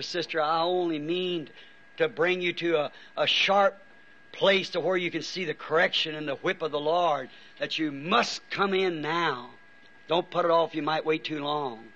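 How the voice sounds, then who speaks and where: A man's voice: a little high, bright, forceful tone. Weary man preaching on an old tape. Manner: earnest, pleading, halting restarts. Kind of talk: fervent prayer and altar call. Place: church before a congregation. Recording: dull old sermon tape with faint hiss.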